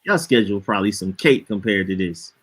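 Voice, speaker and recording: Relaxed slangy man chatting sports. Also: lowish voice, a little fast, slightly rough. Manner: relaxed, slangy, greets live chat viewers. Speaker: podcast co-host. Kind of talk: casual sports chat.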